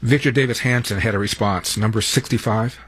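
A man hosting political commentary, introducing clips in an emphatic, deliberate way. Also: on the low side, steady tone, a bit bright, husky. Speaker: commentary host.

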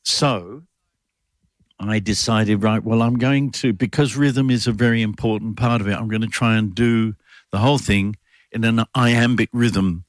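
A man's voice: lowish voice, steady tone, a little slow, no echo, studio quality. Thoughtful man rambling with fillers. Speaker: guest performer and adapter of a classic poem. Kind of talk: radio interview.

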